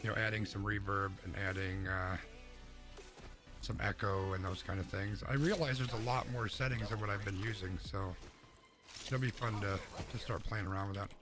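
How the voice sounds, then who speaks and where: A man's voice: fairly low pitch, fairly even intonation, moderate pace. A young man streaming from his home setup, chatting casually with his viewers while he plays a game through a mixer-fed mic. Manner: rambling, chatty, answers chat while playing. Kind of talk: casual gaming stream chat. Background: game music and game sounds.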